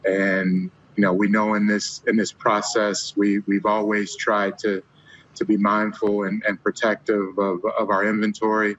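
A low-voiced man gives careful, halting answers as a team executive. His delivery is flat and measured, and the lo-fi clip sounds dull with faint hiss behind it. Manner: halting, measured, many fillers. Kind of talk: press interview.

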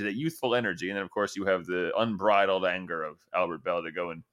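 A man's voice: deep voice, fairly even intonation, fast talker, few pauses, fairly bright tone. A man co-hosting a casual sports podcast, joking and rambling, often trailing off mid-thought. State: married. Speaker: podcast co-host.

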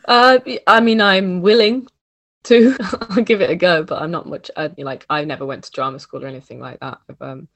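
Chatty podcast host, dry close sound. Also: male voice, high-pitched, steady tone, fairly quick, a bit bright, no echo. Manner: chatty, many restarts and "like" fillers. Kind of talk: casual podcast chat.

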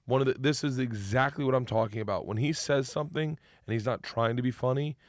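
A man's voice: mid-range voice, a little fast, no echo. Podcast host guy, mid voice, gets all worked up and swears, super dry sound. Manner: excitable, swears, bursts into loud laughter. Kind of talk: casual podcast chat.

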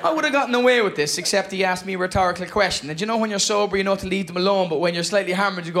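A high-pitched Irish man performs stand-up before a live crowd, his delivery quick and punchy as he acts out both sides of a story. The live recording carries a clear layer of room noise. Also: a bit bright. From Ireland. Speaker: stand-up comedian. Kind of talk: stand-up comedy routine. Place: comedy stage before a live audience.

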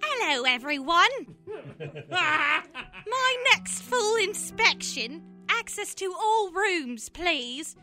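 A woman voicing a fussy, prim landlady with a put-on British accent, reciting a notice slowly. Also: extremely high pitch, very animated, pushed and bright, faint music behind, full character voice. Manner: slow, clipped, prim recital.

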